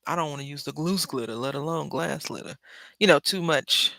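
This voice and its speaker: A woman's voice: sits low, a little fast, gravelly, pushed and bright, no room sound. Chatty woman hosting a craft stream. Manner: chatty, rambling, self-correcting, addresses viewers as y'all. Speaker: craft livestream host. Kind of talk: casual craft livestream chat.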